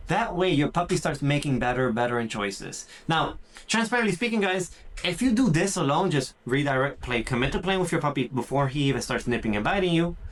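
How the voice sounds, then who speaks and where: A man hosting a podcast and giving casual training tips. He talks in an animated way and acts out what owners and puppies might say. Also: fairly high pitch, brisk. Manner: animated, acts out puppy and owner voices, says "dude" and "transparently speaking". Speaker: dog trainer and podcast host. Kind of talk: casual instructional podcast talk.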